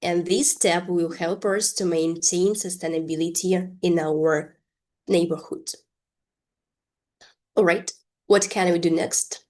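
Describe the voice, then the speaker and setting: A woman teaching an English lesson, with careful, drawn-out pronunciation drills. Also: fairly low pitch, darkish tone. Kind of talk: language lesson.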